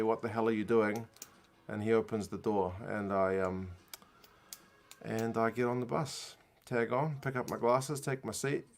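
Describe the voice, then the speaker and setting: Brief: male rugby host of average pitch spinning a loose, self-deprecating anecdote, chuckling through it. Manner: rambling, self-mocking anecdote with frequent laughs. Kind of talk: casual storytelling during a watch-along.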